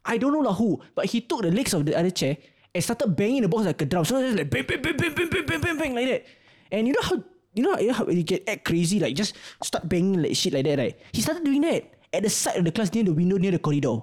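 Young Singaporean man, podcast co-host, very expressive pitch, swears freely, casual storytelling. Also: fast talker. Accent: Singaporean English. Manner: animated, swears freely, acts out voices in stories.

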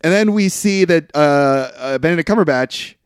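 In a studio-quality recording free of echo, a young male podcast co-host rambles through a casual film recap. He performs the characters' quotes with jumps in pitch, speaking at a moderate pace with lively intonation and a clean tone.

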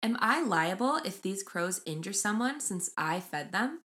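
A young woman co-hosting a casual podcast, chatting and reading a story aloud with lively mimicry of voices. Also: medium pitch, measured pace. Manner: animated, mimics voices when retelling. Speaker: podcast co-host.

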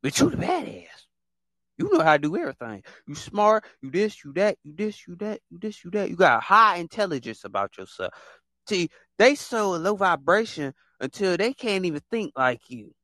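Animated man with a dry close sound. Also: sits high, no room sound. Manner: animated, repetitive, acts out other people in quick put-on voices. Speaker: podcast host. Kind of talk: casual monologue.

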